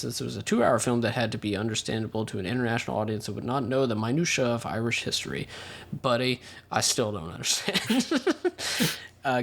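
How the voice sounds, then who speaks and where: Casual podcast co-host, man, mid-pitched, jokey trivia reader. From United States. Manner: jokey, reads trivia, slips into quick silly impressions. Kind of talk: casual film podcast chat.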